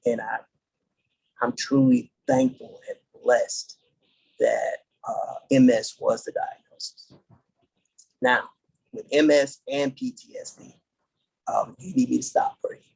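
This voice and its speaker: A middle-aged man from the United States, a podcast guest, telling his story in an earnest, halting way and restarting dates as he goes. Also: medium pitch, sing-song, creaky, a little mellow, husky, rough recording. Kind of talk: casual interview storytelling.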